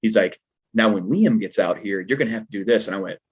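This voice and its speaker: A man's voice: fairly low pitch, fast, husky. A man with a Southern American twang, a stuntman guest on a podcast, telling a story in a laid-back, rambling way full of filler words. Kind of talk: casual storytelling chat. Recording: dull lo-fi podcast audio.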